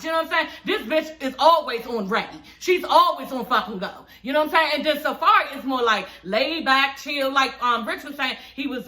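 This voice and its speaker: Woman w/ a high sharp voice ranting about reality tv, cussing a lot, aligners in her mouth. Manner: animated, profane, talks straight to viewers. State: talking with dental aligners in. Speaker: YouTube reality TV reviewer. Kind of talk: casual reaction recap.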